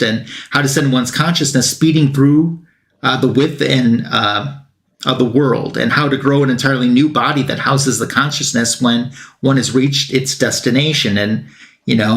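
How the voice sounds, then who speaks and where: A man casually recapping a comic book story for a review show, with lots of fillers and restarts and a quick patter when he quotes the characters. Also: mid-range voice, fairly bright tone. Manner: loose retelling with many fillers and restarts, quick lines when quoting characters. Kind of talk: casual comic recap, reading dialogue aloud.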